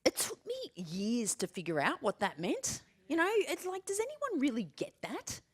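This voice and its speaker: With a high-pitched voice and a moderate pace, a keynote speaker in her forties addresses a live audience in a large room. Her delivery is lively and funny, built on storytelling and emphatic repetition to drive each point home.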